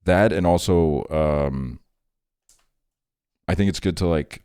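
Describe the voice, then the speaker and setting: A man's voice: deep voice, slow, mellow, clear, resonant tone, no echo, clean studio sound. A man in his twenties chatting casually with his stream chat late at night, rambling and laid-back, often laughing. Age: 20s. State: tired.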